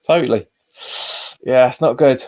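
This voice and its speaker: A man's voice: mid-range voice, normal speed, dark tone. A man hosting a live football watch-along stream, chatting casually with viewers and often calling them "mate," recorded on a webcam. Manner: chatty, reacts to live chat comments and the match. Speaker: host of a football fan channel.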